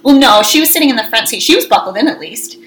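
A woman co-hosting a casual chat, telling animated stories and acting out her own yelling. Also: on the high side, quick pace, soft background music, rough recording. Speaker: co-host.

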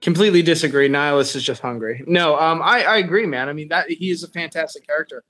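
Young male podcast co-host, higher voice, eager and rambling. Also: quick pace, a bit bright, soft background music, rough recording. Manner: enthusiastic, rambling with fillers. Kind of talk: casual chat.

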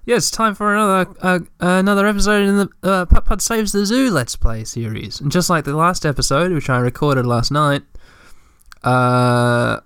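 A tired man talking through a let's play in a smooth, clean voice, recorded close and dry with no room around him. He rambles, restarts his sentences and pokes fun at himself as he goes. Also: high-pitched, moderate pace, a bit bright, no echo. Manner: rambling, self-deprecating, full of fillers and restarts. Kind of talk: casual let's play commentary.

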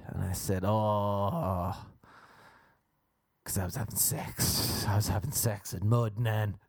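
A man telling a crude comic story as a podcast host, rambling and breaking into high shrieks. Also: a little slow, vocal fry, darkish tone, dry recording, studio quality.

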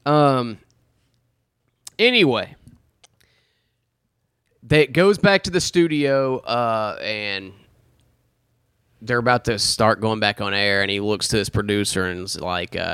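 A man's voice: clean tone, dry recording. Guy on a podcast ranting about a movie, lots of swearing, voice jumps all over, dry close mic. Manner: profane, joking, quick bursts with lively pitch swings. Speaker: podcast co-host. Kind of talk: casual chat recapping a movie.

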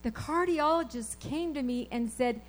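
A woman preaching a sermon, telling personal stories in an animated, emphatic way and repeating her key phrases. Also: sits high, normal speed, rough recording.

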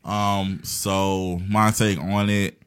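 A man's voice: on the low side, little pitch movement, very slow, a bit bright, clear, resonant tone. A man co-hosting a casual podcast, talking in a laid-back way with many fillers and restarts. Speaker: podcast co-host. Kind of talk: casual chat.

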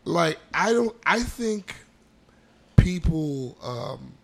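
A man co-hosting a podcast, tipsy, riffing in a mocking, animated way. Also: fairly high pitch, extremely slow, vocal fry. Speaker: podcast co-host. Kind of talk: casual chat.

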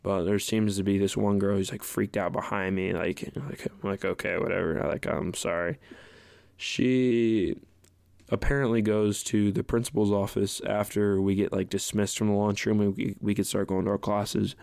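A man's voice: on the low side, flat delivery, normal speed, creaky, a little mellow, clean tone, no room sound. A young man hosting a podcast, telling a personal story in a casual, rambling way, full of fillers and restarts. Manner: rambling, many fillers like "you know" and "like". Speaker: podcast host.

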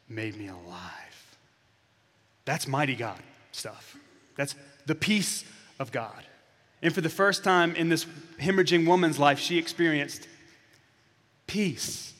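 Pastor, male, higher voice, unhurried sermon delivery, storyteller who acts out parts, big hush-to-loud swings, long hall reverb. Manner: dramatic storytelling, acting out characters' lines, swings from hushed to loud. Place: church hall.

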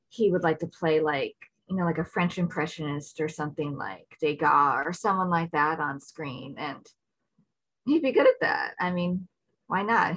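A woman with a fairly low voice tells a fan story in casual interview chat. She rambles eagerly, restarting her sentences often. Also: husky, poor audio. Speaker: fan recounting meeting an actor.

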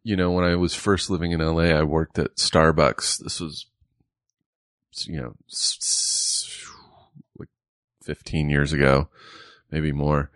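Deep-voiced man swearing through a story. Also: unhurried, pauses often, no echo, studio quality. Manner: profane, animated storytelling. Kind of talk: casual chat.

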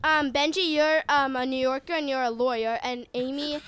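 Eager woman, bright high voice. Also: fairly even intonation, normal speed. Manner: eager, bossy ideas. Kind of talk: casual chat.

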